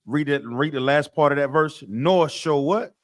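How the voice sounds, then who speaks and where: Leading his scripture class at a moderate pace, a man with a slightly high voice poses call-and-response questions to students, repeating himself whenever he wants to press a point.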